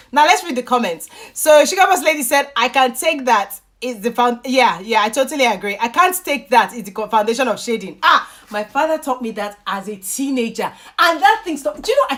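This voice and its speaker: A woman chats on a live stream, reading viewer comments aloud. Her voice sits high and swoops around a lot. She lectures with emphatic, repeated lines. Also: fairly bright tone. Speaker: YouTuber hosting a live stream.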